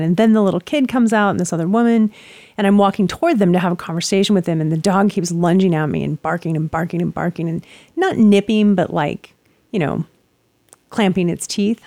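A woman telling a story in casual chat, animated and swearing freely as she acts out what people said. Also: on the low side, fast talker, no room sound.

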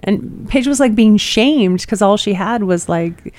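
A woman co-hosting a podcast, telling an animated story in casual chat and swearing freely. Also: medium pitch, unhurried, no echo. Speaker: podcast co-host.

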